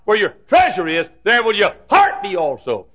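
A man in his fifties preaching a sermon in a folksy, joking way, repeating himself and bursting into shouts. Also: high voice, wildly swooping pitch, normal speed. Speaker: pastor. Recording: dull lo-fi recording.

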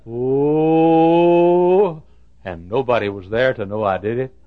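A man's voice: on the low side, fast. A man preaching to school staff in a folksy sermon, telling humorous stories with self-deprecating asides. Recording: dull lo-fi recording.

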